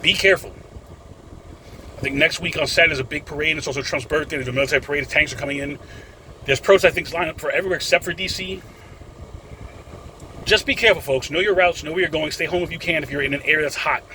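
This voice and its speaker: A man in his thirties talks quickly and rambles, chatting to his viewers as folks in a casual vlog. His voice sits a little high. Faint traffic hums around him outside. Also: bright, forceful tone, rough recording. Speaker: vlogger. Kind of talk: casual rant to camera.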